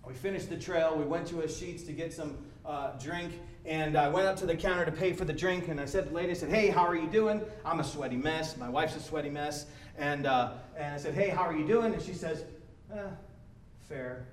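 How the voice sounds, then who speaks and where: A man preaches a sermon in a conversational, animated way, his voice sitting fairly high. He repeats words as he builds momentum. The church hall rings with echo over a faint low rumble. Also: brisk. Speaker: pastor. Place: church sanctuary.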